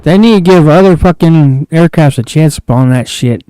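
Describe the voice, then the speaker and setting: A man's voice: a little high, normal speed, warm tone, smooth, no room sound, rough recording. A man streaming a flight game, grumbling and cursing in frustration as he plays. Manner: frustrated, profane, grumbling to himself. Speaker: gaming streamer. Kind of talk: casual gameplay commentary.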